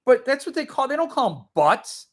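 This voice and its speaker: This book-channel host has an extremely high, sing-song voice and keeps a moderate pace. He's livestreaming from home, rambling loosely and reading viewers' comments out loud.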